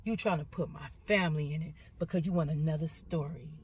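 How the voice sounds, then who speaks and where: A woman's voice: low voice, fast talker, darkish tone, breathy edge. A middle-aged woman gives an emotional rant to camera as a social media poster, talking in an emphatic, repetitive, confrontational way.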